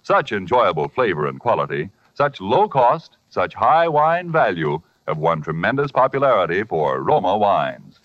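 Deep-ish radio ad guy, persuasive, swooping delivery, old dull recording. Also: very animated, moderate pace, few pauses, no room sound. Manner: smooth, persuasive. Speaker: announcer. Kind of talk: scripted advertisement narration.

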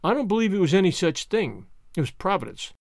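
A man voicing a shy, proud older farmer who mutters in a low, folksy way. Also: very animated, fast talker, no echo, studio quality. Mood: proud, muttering.

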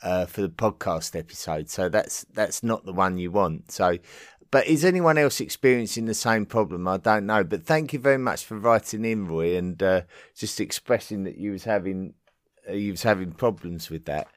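An English man hosting a podcast, answering listener messages in a casual, halting way with frequent ums and restarts. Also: fairly low pitch, no echo, clean studio sound. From England. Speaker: podcast host. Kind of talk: casual listener-mail segment.

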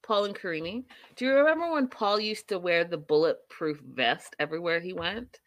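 A woman's voice: lowish voice, expressive, moderate pace, dry recording. A young adult woman hosting a casual reality TV recap, chatty and opinionated, with playful asides to her viewers.

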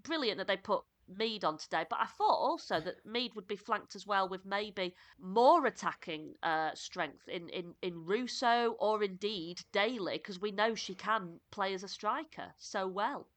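A woman co-hosting a podcast, chatting casually and enthusiastically about football, with quick bursts and restarts. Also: mid-range voice, expressive, a bit bright. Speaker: podcast co-host.

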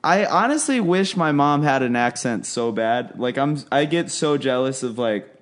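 A man's voice: medium pitch, lively intonation, moderate pace. A young man co-hosting a comedy podcast, rambling and joking, often breaking into laughter. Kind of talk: casual comedy podcast chat.

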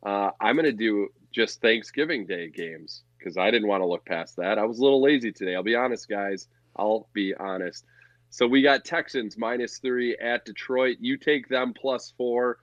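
A man's voice: lowish voice, normal speed, no echo, dull audio. A man co-hosting a casual sports betting podcast, talking bluntly and profanely in a ranting way. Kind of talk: casual chat.

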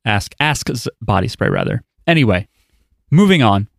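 A man's voice: on the low side, big pitch swings, moderate pace, gravelly, no room sound. Man, podcast host, wry jokes, casual chat, dead-dry room. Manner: wry, joking opinions.

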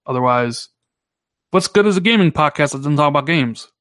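A man co-hosting a gaming podcast, chatting casually and needling his co-host. His voice sits a little high and leaps higher when he jokes. The sound is dry and close, with no room around it. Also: fairly quick, dry recording. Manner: animated, teasing, pitch jumps up when joking.

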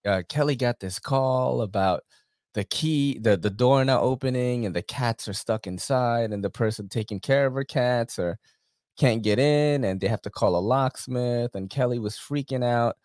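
A man's voice: mid-range voice, moderate pace, a little mellow, no room sound, clean studio sound. A man co-hosting a podcast, chatting casually with loose, profane, joking banter. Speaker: podcast co-host. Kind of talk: casual chat.

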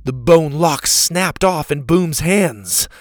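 A man narrating a children's adventure story, with lively reading that jumps up loud and high for the characters' shouts. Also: slow, no room sound, clean studio sound.

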